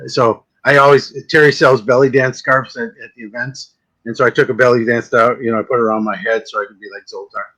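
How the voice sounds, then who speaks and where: Male guest, casual joking storyteller, bright forward voice. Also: mid-range voice, steady tone, rough recording. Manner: joking storyteller, quick asides. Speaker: guest psychic medium. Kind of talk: casual chat.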